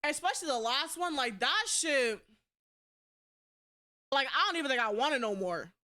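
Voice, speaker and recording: Bright-voiced blunt streamer woman. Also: expressive, moderate pace. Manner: blunt and profane, swings between loud outbursts and low asides, laughs often. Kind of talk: casual livestream chat.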